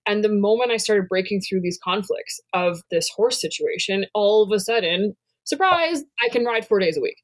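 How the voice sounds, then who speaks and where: A woman's voice: mid-range voice, brisk, few pauses. A woman in her thirties, co-hosting a podcast in casual chat, speaking candidly and with lots of energy, swearing freely. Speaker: podcast co-host.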